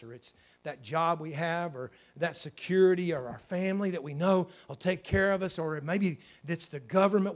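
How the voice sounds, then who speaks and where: A man with a high-pitched voice preaches a sermon in a church. He swings from loud, ringing exclamations down to hushed, confiding asides. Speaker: pastor.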